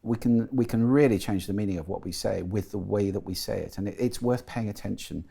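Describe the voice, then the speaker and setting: A middle-aged man talks as an interview guest, articulate and enthusiastic. His voice sits low with a gravelly edge and a dark, mellow tone. He explains ideas readily. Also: brisk. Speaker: guest, voice and sound expert.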